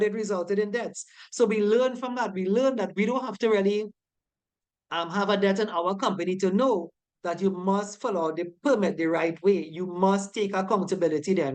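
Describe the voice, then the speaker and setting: A woman's voice: mid-range voice, a little mellow. A woman teaching a safety course, emphatic and checking often that her students follow. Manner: emphatic, keeps asking "right?" to check understanding. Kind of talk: online lecture going over quiz answers.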